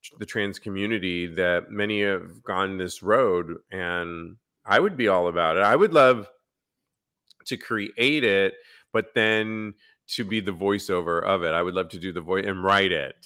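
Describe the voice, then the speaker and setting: A man's voice: low voice, unhurried, clear, resonant tone. A man hosting a podcast, chatting casually and telling stories with lots of laughter. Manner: animated, laughing, storytelling. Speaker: podcast host. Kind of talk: casual chat.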